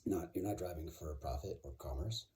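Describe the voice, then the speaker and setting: A man's voice: low-pitched, fairly quick, mellow. A man talking casually and confidently, rambling with many fillers and restarts. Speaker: vlogger. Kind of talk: casual monologue.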